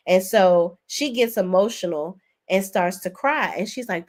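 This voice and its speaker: A woman hosting a casual reality TV recap, sassy and expressive, laughing often, with big swings in pitch. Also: moderate pace. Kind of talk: casual commentary with live chat.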